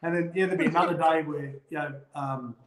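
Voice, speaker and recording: A man's voice: a little high, a little fast, roomy sound, rough recording. A middle-aged Australian man, a former rugby league player, telling stories in a casual chat and acting out the voices of the people he quotes. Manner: animated yarn-spinner, acts out quoted voices.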